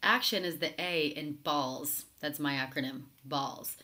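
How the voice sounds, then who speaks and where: A woman hosts a live stream in a casual, chatty voice that sits a little low. She reads viewer comments aloud and answers them with sarcastic asides. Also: unhurried, pushed and bright. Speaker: talk show host reading live chat.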